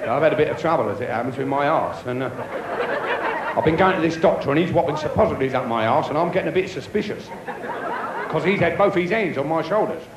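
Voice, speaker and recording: A man's voice: fairly high pitch, expressive, quick pace. A man doing live stand-up on a club stage, telling crude jokes full of swearing and bantering with the crowd. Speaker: stand-up comedian. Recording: echoey club with crowd and noise.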